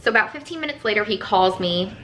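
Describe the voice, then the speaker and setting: Chatty bright-voiced woman vlogger. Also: mid-range voice, animated, fast talker, slight background noise. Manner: chatty, rambling, lots of "like" fillers. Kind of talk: casual storytime vlog.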